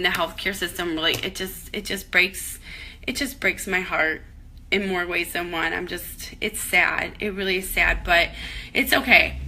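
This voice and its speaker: A woman sharing a painful family story in a personal vlog, tearful and halting, often restarting her sentences. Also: fairly low pitch, bright, forceful tone, slight background noise. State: crying at times. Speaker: vlogger.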